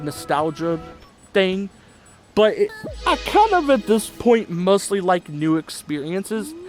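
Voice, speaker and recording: A man giving rambling, chatty let's-play commentary, laughing between thoughts. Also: high-pitched. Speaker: gaming channel host. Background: faint game music.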